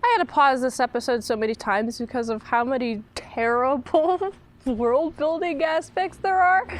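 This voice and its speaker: Sarcastic woman reviewing a TV show. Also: fairly high pitch. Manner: sarcastic, mocking, acts out characters in put-on voices. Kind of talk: casual spoken TV recap.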